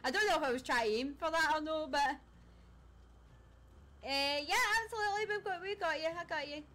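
High-voiced woman streamer. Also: fairly quick, pushed and bright. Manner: chatty, laughs often, scattered. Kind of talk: casual live-stream chat while gaming.

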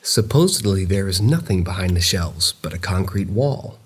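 Low, husky male narrator for scripted horror reads, measured and steady. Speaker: narrator of viewer-submitted stories.

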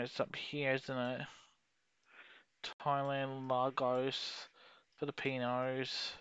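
A young man giving rambling, sweary commentary while playing a geography game, with sudden excited outbursts. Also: medium pitch, smooth, no room sound, dull audio. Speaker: gaming YouTuber. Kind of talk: casual gameplay commentary.

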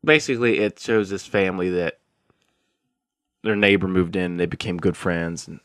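A man's voice: low-pitched, moderate pace, dry recording. A man hosting a podcast in casual chat, retelling a story with lots of swearing and laughter. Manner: animated storyteller, swears freely, breaks into laughter. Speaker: podcast host.

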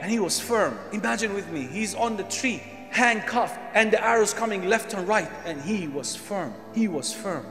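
A man's voice: sits high, lively intonation, moderate pace, few pauses, fairly bright tone, reverberant, in a large hall, faint music behind. A man telling a story as a sermon, passionate and emphatic. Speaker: preacher.

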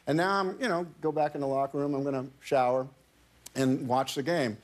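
A man's voice: medium pitch, steady tone. A man telling a long anecdote as a talk show guest, restarting his sentences and laughing as he goes. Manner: halting storyteller, many restarts, laughs mid-story. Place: television studio.

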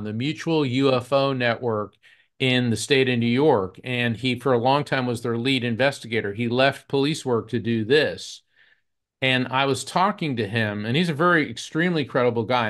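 A man's voice: medium pitch, fairly bright tone. A man who works as a psychic medium, telling earnest anecdotes as a podcast guest. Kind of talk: podcast storytelling.

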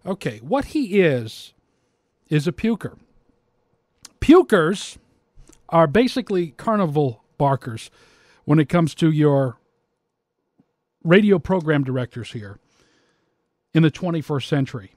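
A man's voice: a little high, very animated, a little slow, long pauses, a little mellow, dry recording, clean studio sound. A man giving a casual opinion rant, mocking and rambling with restarts. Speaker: commentator.

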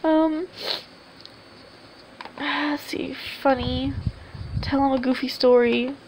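High chatty woman narrating her game. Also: steady tone, takes it slowly, background noise. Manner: chatty, rambling, coaxing game characters aloud. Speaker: gameplay video host. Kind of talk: casual let's-play commentary.

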